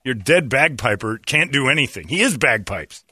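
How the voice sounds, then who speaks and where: Bright, lively man joking on radio. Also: medium pitch, normal speed, husky, dry recording, clean studio sound. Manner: joking, teasing, storytelling. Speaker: radio show host. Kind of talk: morning radio banter.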